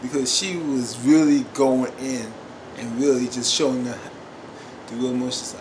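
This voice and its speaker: A man talks through a TV episode in a casual review, emphatic and repetitive, calling out to his viewers again and again. His voice sits in a mid range. The room is echoey, with a steady wash of noise under him. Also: medium pitch, moderate pace. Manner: emphatic, repetitive, often says "y'all". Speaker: TV show reviewer.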